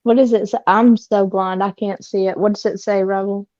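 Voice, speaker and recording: A woman's voice: mid-range voice, steady tone, moderate pace, darkish tone, no room sound. A woman on a live stream panel, tossing in short, easygoing, amused remarks. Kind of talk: casual chat. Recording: dull, dry lo-fi audio.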